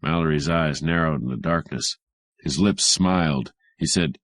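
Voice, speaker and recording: Male audiobook narrator, very low voice, measured and even delivery. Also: dry recording, clean studio sound. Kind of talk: audiobook reading of hardboiled fiction.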